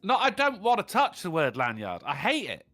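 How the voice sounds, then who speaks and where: A British man with a fairly high, bright voice that moves a lot, talking bluntly and cheerfully swearing. The sound is dry and close, with faint music behind him. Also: huge pitch swings, a little fast, dry recording. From Britain. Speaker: podcast co-host. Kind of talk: casual chat.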